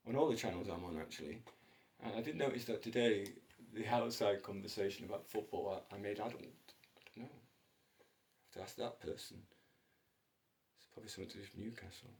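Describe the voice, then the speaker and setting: A man's voice: fairly low pitch, vocal fry, a little mellow. A man hosting his own channel, talking in a rambling, jokey solo monologue that wanders from one story to the next. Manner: digressive, jokey, wandering between stories.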